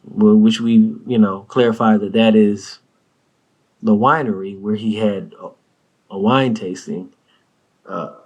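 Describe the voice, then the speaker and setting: A man hosting a comedy show, telling a story with animated, squealing jumps of disbelief. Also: breathy edge, muffled recording. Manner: animated, shrieking up into high disbelief. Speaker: comedy podcast host.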